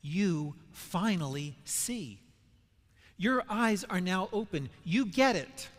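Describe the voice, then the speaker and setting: A man voicing a gentle male teacher who affirms his followers, with slow emphasis, in a reverberant hall. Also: sits high, expressive, pitched above the performer's own voice, heavily acted. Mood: affirming.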